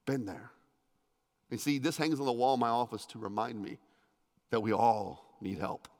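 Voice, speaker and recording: A man's voice: mid-range voice, fairly even intonation, moderate pace. Male pastor preaching in a reverberant church. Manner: emphatic, swings between loud and hushed; conversational with joking asides. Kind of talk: sermon. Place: church sanctuary. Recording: long hall reverb.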